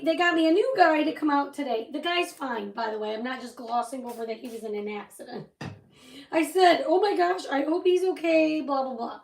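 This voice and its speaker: A chatty woman with a high voice rambles through a story while she crafts on a livestream. She sits a little back from the mic, and the room gives her voice a roomy echo. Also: vocal fry, recorded from a distance. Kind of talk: casual chat while crafting.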